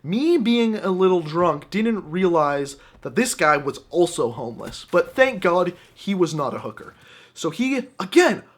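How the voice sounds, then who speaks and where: A young man hosting a gaming channel, telling an animated, jokey personal story over gameplay commentary. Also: a little high, measured pace.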